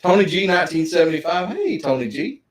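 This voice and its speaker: A man's voice: sits high, sing-song, fast talker, poor audio. A middle-aged man, chatting casually on a livestream and greeting viewers by name. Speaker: livestream co-host.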